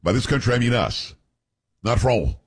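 Husky blunt talk radio host man. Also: mid-range voice, big pitch swings, normal speed. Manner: joking, rambling asides with co-hosts; blunt, frank opinions. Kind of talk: opinionated talk radio, reading news aloud.

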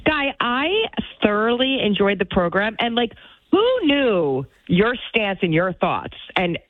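A woman's voice: mid-range voice, animated, a little slow, dry recording. A woman producer chatting casually on air, telling stories about herself with a laugh and a self-mocking tone. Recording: tinny phone-like line.

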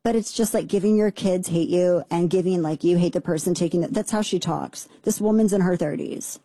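A middle-aged woman hosting a talk radio show, ranting in a fast, sarcastic, indignant way. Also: fairly low pitch, mellow, no echo. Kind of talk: opinionated talk radio monologue. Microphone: studio microphone.

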